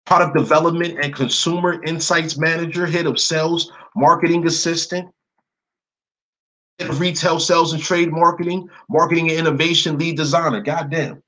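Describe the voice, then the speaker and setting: A man hosting an online video, slowly reading long word lists off his screen and breaking in with blunt, indignant remarks. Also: fairly high pitch, flat delivery, pushed and bright. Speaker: video host. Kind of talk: screen-share commentary reading from a list.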